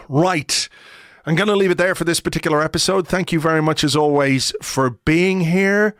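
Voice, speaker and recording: A man hosting a podcast, wrapping up the episode with brisk, chatty announcements. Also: on the high side, a bit bright, no echo, studio quality. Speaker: podcast host. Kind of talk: podcast sign-off.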